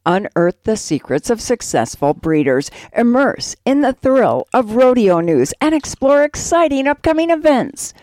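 A woman co-hosting a radio show, reading an ad and an inspirational piece with expressive delivery. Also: on the high side, a little slow, few pauses, no echo. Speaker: radio co-host.

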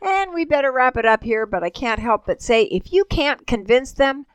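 A woman's voice: high voice, expressive, normal speed, clean tone, no echo. A woman co-hosting a radio-style show, reading a comic rhyming poem in a sing-song way. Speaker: co-host.

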